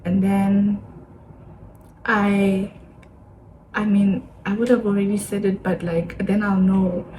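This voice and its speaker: A young woman in her twenties, speaking English with a Botswana accent, talks casually to her camera in a sit-down vlog. She is chatty and animated, mimicking the people she talks about. The room sounds echoey, with a faint hum of ambience underneath. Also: mid-range voice, takes it slowly. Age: 20s. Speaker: vlogger.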